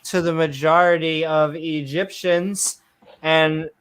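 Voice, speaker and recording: Sarcastic male host, slow and high. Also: fairly even intonation, fairly bright tone, clean tone. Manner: sarcastic, reads archaic verses in a mock-grand voice. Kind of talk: comedic scripture reading and chat.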